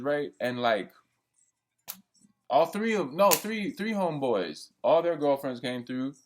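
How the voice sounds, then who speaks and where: A man's voice: a little high, animated, slow. A young man ranting in a heated, profane, rambling monologue. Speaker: vlogger. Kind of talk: venting monologue.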